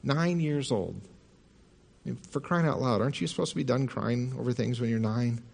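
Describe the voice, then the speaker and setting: Man, pastor, sermon storytelling, calm, measured, mid pitch. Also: gravelly.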